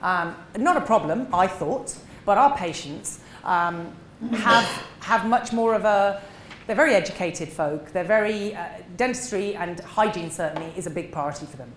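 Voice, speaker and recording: Animated woman in an echoey room. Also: on the low side, normal speed. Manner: animated, acts out little dialogues, emphatic. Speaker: dentist speaking at a seminar. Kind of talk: seminar talk. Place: seminar room. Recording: echoey room with faint noise.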